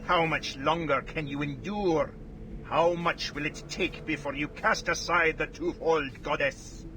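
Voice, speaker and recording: An actor playing a menacing male torturer in a video game, speaking slowly and tauntingly in a put-on German accent. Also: fairly high pitch, fairly even intonation, lightly acted. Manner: slow, taunting, sneering. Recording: game audio with clear background noise.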